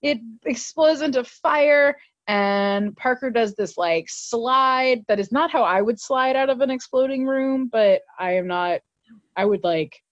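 A woman's voice: a little high, dry recording. Chatty woman on a dull dry mic. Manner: chatty, filler-heavy, quick to laugh. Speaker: podcast co-host recapping a TV episode. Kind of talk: casual chat.

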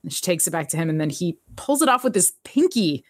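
A female podcast host casually recaps an episode, telling it animatedly, laughing often, and acting out characters' lines. Her voice is on the low side, she speaks quickly, and there's no echo.

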